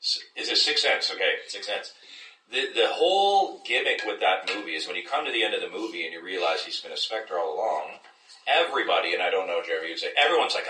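A man leads a Bible class in a very low voice with a bright, forceful edge. He keeps drawing his listeners in with questions as he teaches. He is recorded from a distance in an echoey room. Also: lively intonation, fast talker. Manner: engaging, checks in with listeners often. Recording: echoey room, distant mic, faint noise.

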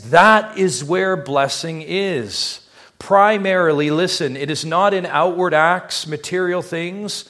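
A man preaching a sermon as pastor, emphatic, drawing the congregation in with rhetorical questions he answers himself. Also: on the low side.

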